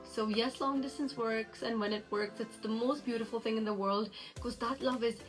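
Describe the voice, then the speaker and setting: A woman's voice: on the high side, fairly even intonation, normal speed, low-quality recording. Upbeat chatty young woman giving advice. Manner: chatty, earnest and upbeat, laughs easily. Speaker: relationship coach. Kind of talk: casual advice vlog. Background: background music.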